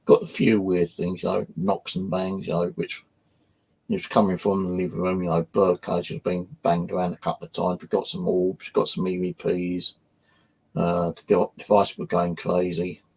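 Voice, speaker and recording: A man tells a personal story in a loose, rambling way, scattering fillers and swear words. His voice sits low and gravelly, with a husky, slightly rough edge. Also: little pitch movement, moderate pace, darkish tone. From England. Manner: rambling, full of "you know" fillers and swearing. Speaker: paranormal investigator and channel host. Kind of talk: casual first-person storytelling.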